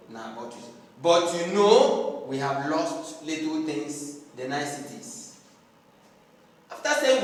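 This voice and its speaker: High-voiced man lecturing in an echoey hall. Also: expressive, a little slow, pauses often. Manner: emphatic, repeats phrases. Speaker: teacher. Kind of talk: classroom lecture. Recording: echoey hall, distant mic.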